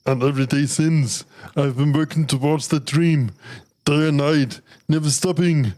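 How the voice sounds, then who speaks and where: A man's voice: fairly high pitch, steady tone, measured pace, a little mellow, lightly acted. A man voicing a boastful older male fried-chicken chef in a game, speechifying earnestly about his dream.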